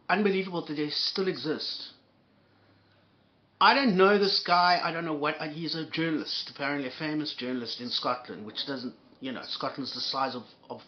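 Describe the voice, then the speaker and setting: Man, angry profane rant, sarcastic, insulting, stumbling restarts, higher voice. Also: lo-fi sound. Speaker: commentator reacting to a clip.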